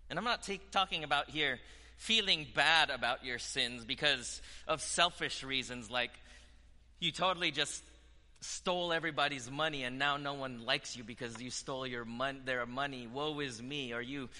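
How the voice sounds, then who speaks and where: A man preaching a sermon with passion, dropping to hushed tones and rising to loud declarations. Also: medium pitch, normal speed, long reverb tail. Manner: impassioned, swinging from hushed to loud.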